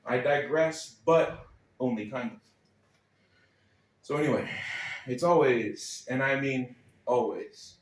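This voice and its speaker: A man's voice: medium pitch, takes it slowly, long pauses. Wry man reading in an echoey room. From Texas, United States. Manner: wry, sardonic delivery with dry asides. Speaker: spoken-word performer. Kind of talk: reading a personal essay aloud at a live club night. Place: small club stage, live reading. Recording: echoey room, voice a little far from the mic.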